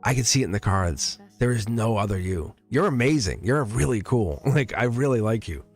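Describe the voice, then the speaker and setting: A man's voice: lowish voice, lively intonation, normal speed, soft background music. Chatty, reassuring male tarot reader. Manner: chatty, emphatic and reassuring, laughs often between phrases. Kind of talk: casual live-stream tarot reading.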